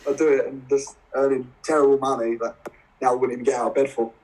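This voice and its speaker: A man's voice: medium pitch, brisk. Chatty Essex man, off-mic. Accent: English, Essex. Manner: animated, laughs often, swears casually. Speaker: guest wrestler. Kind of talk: casual storytelling interview. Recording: voice a bit far from the mic.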